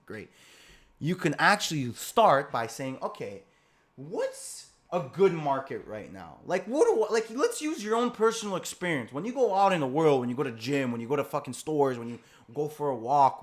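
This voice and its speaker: A young man on a live coaching call, heated and profane. He rambles, restarts his sentences and keeps asking the listener whether they understand. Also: medium pitch.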